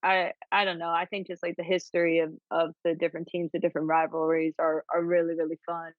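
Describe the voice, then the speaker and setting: A laid-back American woman from New Jersey answers questions in an easy, halting way, often repeating her words. She comes through dull lo-fi audio that sounds dry and close. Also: fairly low pitch, monotone, no echo. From New Jersey, USA. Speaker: footballer guest. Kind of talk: casual interview answers.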